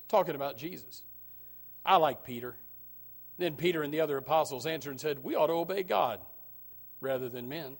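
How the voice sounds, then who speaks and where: A man preaching a sermon, swinging from loud, emphatic preaching to low, quiet asides, often calling out amen and repeating words as he starts his sentences. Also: brisk, pauses often. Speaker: pastor.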